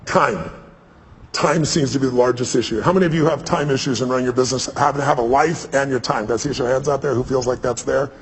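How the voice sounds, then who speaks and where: A man telling stories on stage to a live audience in an animated, emphatic way, sometimes repeating words. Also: mid-range voice, quick pace, husky. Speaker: guest speaker on stage. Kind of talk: energetic on-stage storytelling. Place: large hall with live audience. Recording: reverberant hall, faint ambient noise.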